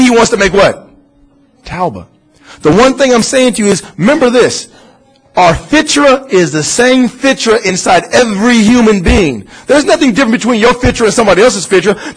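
A man's voice: high voice, breathy edge, poor audio. A man giving an informal religious lecture to a class, asking questions and answering them himself in a conversational way. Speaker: Muslim teacher.

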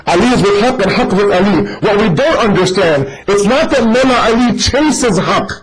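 High-voiced man preaching a sermon. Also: normal speed, a crowd in the background, low-quality recording. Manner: animated, addressing listeners directly as brother; tells stories to make a point. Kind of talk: sermon to a live audience.

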